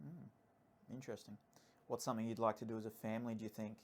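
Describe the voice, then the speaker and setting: A man's voice: lowish voice, level tone, fast. A man with an Australian accent hosting a podcast, playful and teasing in casual chat. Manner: playful, teasing, swears freely. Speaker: podcast host.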